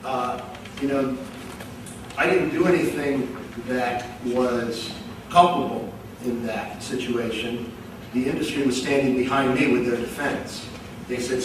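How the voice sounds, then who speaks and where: A man answering audience questions at a public talk, measured and explanatory. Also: mid-range voice, steady tone. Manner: measured, explanatory, level delivery. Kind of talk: public lecture Q&A. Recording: echoey hall, distant mic, background noise.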